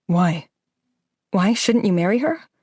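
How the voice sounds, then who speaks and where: A woman narrator voicing a tender, pleading young man in a romance audiobook, speaking softly and close. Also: medium pitch, animated, a little slow, breathy edge, no echo. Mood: urgent. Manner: soft, hushed. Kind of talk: audiobook character voice.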